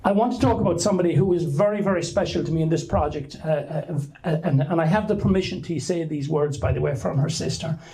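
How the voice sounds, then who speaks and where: Irish man, middle-aged, fairly high voice, rambling anecdotes, stop-start storytelling talk. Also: fast, vocal fry, few pauses, dark tone, low-quality recording. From Ireland. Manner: rambling anecdotal, frequent restarts. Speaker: author giving a talk. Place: hall at a book launch.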